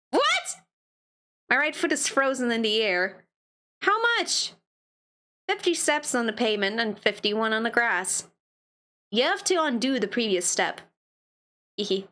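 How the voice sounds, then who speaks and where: A woman's voice: on the high side, fairly bright tone. A woman streaming a game, reading its dialogue aloud and reacting playfully between lines. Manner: playful, reads text then comments with laughs.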